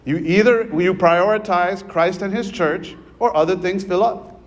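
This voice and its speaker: A man's voice: high-pitched, measured pace, dull audio. A man giving a sermon in a church as its priest, preaching in an earnest, conversational way with frequent asides to the congregation.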